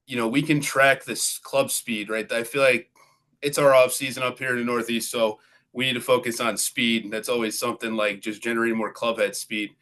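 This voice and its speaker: A man's voice: mid-range voice, level tone, brisk, pushed and bright. A middle-aged man, a golf coach and guest, explaining in an easygoing way and often adding "you know" and "right". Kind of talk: casual interview talk.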